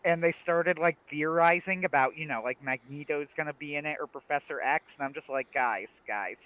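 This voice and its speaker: A young man casually chatting on a livestream about a TV series, animated, laughing often and restarting his sentences. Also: on the high side, a little fast, muffled recording. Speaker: livestream co-host.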